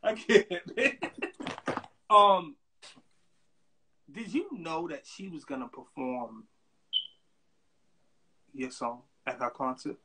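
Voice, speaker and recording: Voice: medium pitch, slow, pauses often, sharp tone, husky. A show host chatting casually with a guest, playful and teasing, laughing often. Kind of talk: casual interview chat.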